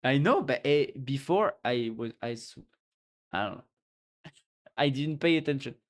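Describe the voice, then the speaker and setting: A man from France with a French accent, streaming and chatting casually in English, playful and quick to laugh, often trailing off and restarting. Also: mid-range voice, animated. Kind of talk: casual live-stream chat.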